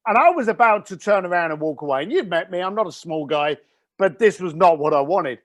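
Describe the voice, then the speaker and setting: Lively high-voiced blunt male storyteller. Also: a little fast, no room sound, studio quality. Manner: blunt, emphatic storyteller who swears casually. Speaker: interview guest, business founder. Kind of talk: conversational interview storytelling.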